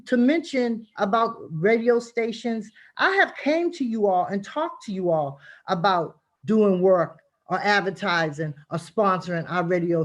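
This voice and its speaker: A middle-aged woman, a community activist giving impassioned, emphatic testimony at a city hearing over a video call. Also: medium pitch. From Boston, Massachusetts.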